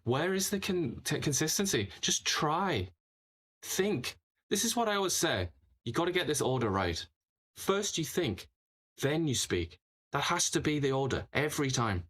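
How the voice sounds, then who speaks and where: A man's voice: fairly high pitch, big pitch swings, normal speed, a bit bright. A man hosting a political commentary show, talking in an opinionated, sarcastic way, full of mocking rhetorical questions.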